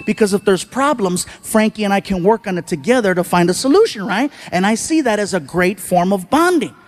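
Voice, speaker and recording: A man with a high, bright voice works a live comedy stage, telling stories. He jumps in and out of the voices of the people in his tales with lively, animated energy, speaking into a handheld stage mic. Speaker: stand-up comedian. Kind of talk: stand-up comedy storytelling.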